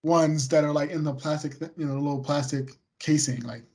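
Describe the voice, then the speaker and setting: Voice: mid-range voice, steady tone, a little fast, a little mellow. A podcast co-host chatting casually, laughing often and adding brief wry remarks. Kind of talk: casual chat.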